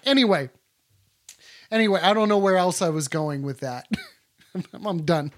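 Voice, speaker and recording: A man's voice: high-pitched, lively intonation, moderate pace. A man hosting a call-in stream, chatting loosely with callers, swearing and laughing easily. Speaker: call-in show host. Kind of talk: casual call-in chat. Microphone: streaming mic setup.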